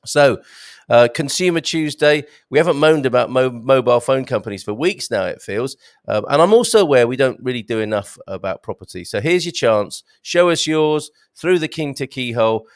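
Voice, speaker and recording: A man's voice: mid-range voice, animated, moderate pace, no room sound. Chatty man hosting a live stream. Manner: chatty, warm banter with viewers, stumbling restarts. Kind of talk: live stream chat reading comments.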